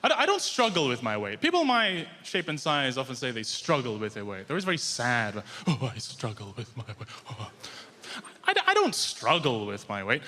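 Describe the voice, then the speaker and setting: Deadpan young male stand-up, lively pitch. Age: 20s. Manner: deadpan and self-deprecating, with drawn-out punchlines. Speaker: stand-up comedian. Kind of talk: stand-up routine. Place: large theatre stage. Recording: live theatre reverb, loud crowd.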